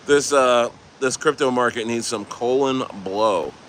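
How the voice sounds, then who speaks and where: A man's voice: mid-range voice, big pitch swings, slow, sharp tone, slight background noise. A man livestreaming outdoors, reading out and answering his chat in a loose, rambling way, often laughing and trailing off mid-sentence. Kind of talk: casual rambling live stream chat. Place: outdoors near the coast.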